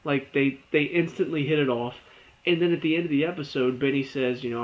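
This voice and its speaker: A man's voice: a little high, brisk. Chatty young man, dull lo-fi sound. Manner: chatty, exasperated, rising to animated complaint. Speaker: TV episode reviewer. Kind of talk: casual spoken review. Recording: dull lo-fi recording.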